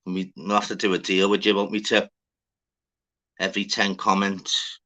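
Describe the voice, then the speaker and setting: Scouse male streamer, lowish bright voice, sweary and rambling, greets chat by name. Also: monotone, moderate pace. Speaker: livestream host. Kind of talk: casual live chat.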